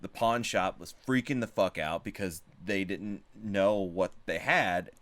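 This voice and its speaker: A man in a casual podcast chat, telling rambling, animated stories with frequent swearing. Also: low-pitched, unhurried, dry recording. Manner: rambling, animated, profane storytelling. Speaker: podcast participant, musician.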